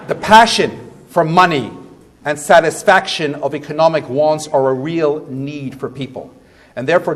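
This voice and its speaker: A male rabbi giving a sermon, emphatic, posing rhetorical questions, swinging between quiet and loud passages. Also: fairly high pitch.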